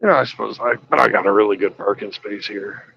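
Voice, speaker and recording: A man's voice: on the low side, fast talker, creaky, breathy edge, muffled recording. A man hosting a livestream from his parked truck, chatting in a laid-back way and swearing casually. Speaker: livestream host, truck driver. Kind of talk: casual chat.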